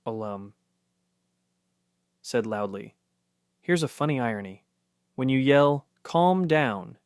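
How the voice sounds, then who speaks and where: Calm man reading scripted narration. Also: mid-range voice, dry recording, studio quality.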